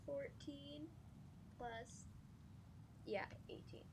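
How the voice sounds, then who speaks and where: A woman's voice: high voice, steady tone, extremely slow, a little hiss or hum, low-quality recording. A woman playing in a tabletop game, chatting casually and playfully. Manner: giggly, playful. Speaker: player.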